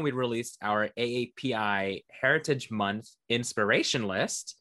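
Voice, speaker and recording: A man co-hosting a casual chat show, sharing news items with animated enthusiasm. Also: medium pitch, moderate pace, few pauses, dry recording. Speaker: podcast co-host.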